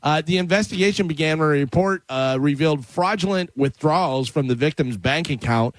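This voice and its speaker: Guy on radio reading news bits, kinda high voice, lotta uhs, dry studio sound. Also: fairly quick, dry recording. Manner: reads stories aloud with fillers, chatty. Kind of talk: casual radio banter.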